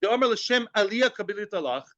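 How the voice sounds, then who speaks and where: A man's voice: high voice, expressive, fast talker, fairly bright tone, no echo, highs cut off. A man giving a Talmud class, joking as he goes, asking rhetorical questions and dropping in Hebrew and Aramaic terms. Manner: rhetorical questions, repeats phrases. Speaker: Talmud teacher.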